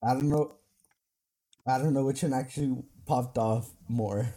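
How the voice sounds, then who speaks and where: A man co-hosting a podcast in casual chat, relaxed and a little hesitant. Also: mid-range voice, unhurried. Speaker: podcast co-host.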